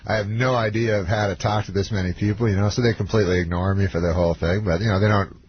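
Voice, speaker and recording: A man from Canada, a comedian guest, telling a deadpan story in a rambling way with many fillers and self-corrections, heard in a radio studio. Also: fairly low pitch, quick pace, slightly rough. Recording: muffled radio line with hiss.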